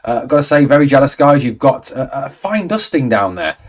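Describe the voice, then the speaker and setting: A man's voice: medium pitch, very animated, fairly quick. A man in his forties hosting a fan livestream, chatting casually and rambling through viewer comments with exasperated asides. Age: 40s. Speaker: fan channel host.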